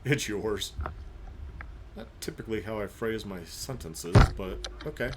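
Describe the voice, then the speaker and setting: A man's voice: fairly low pitch, unhurried, heavy background noise. A man hosting a reaction video, giving sarcastic, opinionated commentary on riding clips.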